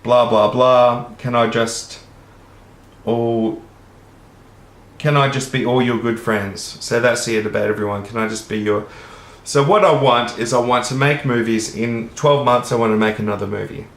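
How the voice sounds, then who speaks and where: Talking at a normal speed with a medium-pitched voice, an Australian man addresses the camera as a vlogger. His monologue is sincere and meandering, sprinkled with offhand curses, and recorded with a roomy echo.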